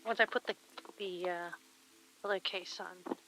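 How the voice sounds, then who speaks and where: A woman's voice: on the low side, steady tone, a little slow, a bit bright, faint music behind, rough recording. A woman streamer chatting casually while she crafts, murmuring to herself and reading chat aloud on a very sensitive close mic.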